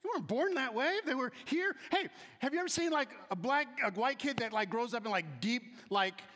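A man giving a humorous storytelling talk to an audience, acting out the voices of people in his stories and swinging between quiet asides and loud emphasis. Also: very high voice, brisk. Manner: animated, acts out quoted voices, shifts between soft asides and loud emphasis. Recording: long hall reverb.

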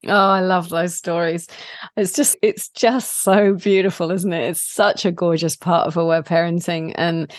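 A woman hosting a podcast who responds in a warm, reflective and affirming way. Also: on the low side, fairly even intonation, normal speed, no room sound, studio quality. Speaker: podcast host. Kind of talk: casual podcast conversation.

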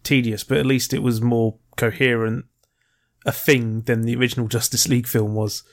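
A man trading casual podcast banter in a voice of middle pitch for a man. He drops dry, offhand jokes and rambles with frequent restarts. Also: little pitch movement, moderate pace. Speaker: podcast co-host. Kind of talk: casual chat.

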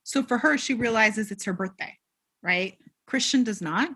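A woman's voice: fairly high pitch, normal speed, slightly rough. A woman co-hosting a podcast, recapping a film in casual chat and acting out the characters' lines as she tells it. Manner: animated storyteller, acts out quotes. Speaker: podcast co-host.

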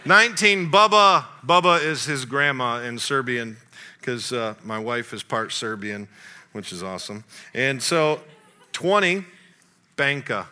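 A middle-aged man, a pastor, preaching a sermon through a family story and acting out the dialogue. He swings between loud excitement and quiet asides. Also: medium pitch, a little slow.

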